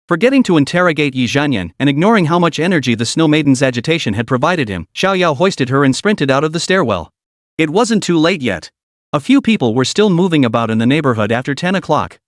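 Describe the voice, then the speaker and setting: A man narrating a comic story recap in a quick, dramatic storytelling manner. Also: on the high side, dry recording, clean studio sound.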